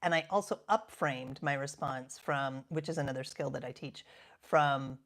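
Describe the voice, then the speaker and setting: A woman in her fifties, a coach talking reflectively and earnestly, sometimes sinking to a soft half-whisper for emphasis. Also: a bass voice, normal speed. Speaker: coach and podcast host. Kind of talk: reflective self-help talk.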